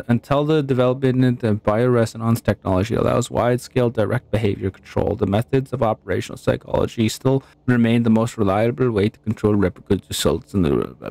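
A man's voice: fairly low pitch, creaky, a little mellow, no room sound. A man casually commentating a horror game as he plays, swearing freely and stumbling over hard words while reading in-game documents aloud. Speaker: gamer.

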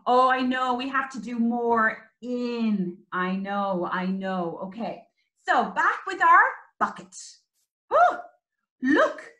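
Irish early-years teacher, bright and slow, coaxing toddlers. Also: female voice, a little high. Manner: sing-song, animated, coaxing. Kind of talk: children's lesson with songs and signs. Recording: echoey room.

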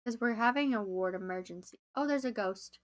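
A young woman chatting casually to viewers as she plays a game on a live stream, easily excited. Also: a little high, a little fast.

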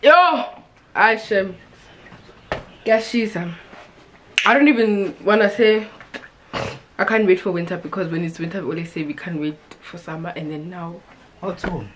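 A young woman talks straight to her camera in a loose, expressive vlog chat. Her voice sits a little low for a woman, and she keeps it lively with laughs and fillers. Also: normal speed, long pauses, a little hiss or hum. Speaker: vlogger.

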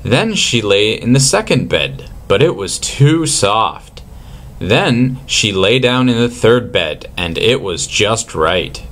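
Slow, expressive male storyteller. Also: fairly low pitch. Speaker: storyteller for children. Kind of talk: reading a story aloud.

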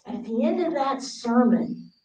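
A woman preacher giving a sermon full of personal stories, acting out her younger self in a raised, pleading voice and dropping to hushed tones for quiet moments. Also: fairly high pitch, animated, normal speed. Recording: roomy sound from a distant mic.

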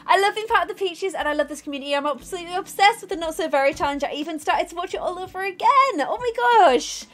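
A young woman streaming a game, chatting casually and thanking viewers, self-deprecating and bursting into excited squeals. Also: very high voice, fast. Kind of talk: casual livestream chat.

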